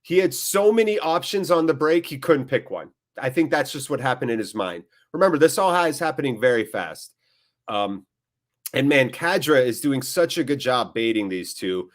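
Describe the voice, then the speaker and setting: A man hosting a live football watchalong, chatting casually, joking, getting excited and reading out viewer comments. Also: mid-range voice, normal speed. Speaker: watchalong host.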